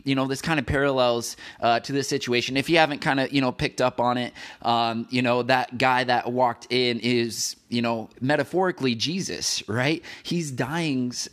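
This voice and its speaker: Guy rambling through a faith podcast, talks right at you, average pitch, lots of um and you know. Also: fairly bright tone. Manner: rambling, many fillers and restarts, addresses listener as "you". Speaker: podcast host. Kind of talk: casual devotional podcast talk.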